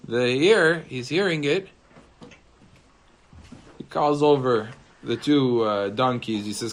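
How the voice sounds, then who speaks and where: A man, a rabbi, telling a story to listeners with animated, dramatic swings of pitch and loudness. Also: slow, long pauses.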